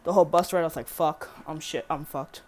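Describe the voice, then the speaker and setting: A woman's voice: low-pitched, fairly even intonation, quick pace, darkish tone. A teenage girl rambling through a casual storytime vlog, swearing freely and correcting herself as she goes. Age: teen. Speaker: vlogger.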